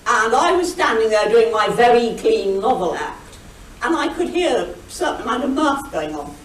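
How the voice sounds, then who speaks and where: Older lady telling funny stories at a meeting, high voice that swoops around, far off in an echoey hall. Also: sing-song. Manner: brisk, witty storyteller, mimics shouted quotes. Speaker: guest speaker. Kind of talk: anecdotal after-dinner talk. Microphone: recorded over a video call. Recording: echoey hall, distant, faint hiss, over video call.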